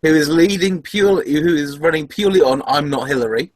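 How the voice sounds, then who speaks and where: A man hosts a loose podcast chat in a slightly higher voice. He laughs easily and restarts his sentences often. The mic sound is close and dry. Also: fairly quick, no room sound, rough recording. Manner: giggly, stumbling restarts. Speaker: podcast host. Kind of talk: casual chat.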